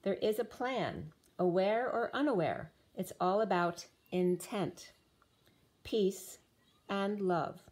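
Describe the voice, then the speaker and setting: This tarot reader's voice is fading as she works through a spiritual reading. She speaks slowly in a mid-range, darkish tone that stays animated, wandering dreamily from one association to the next with the occasional rhyme.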